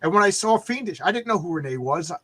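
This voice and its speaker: A man chatting casually about comics and YouTube, excitable, with lots of stammering restarts. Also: sits high, quick pace, breathy edge. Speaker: comic book creator and YouTuber. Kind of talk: casual chat.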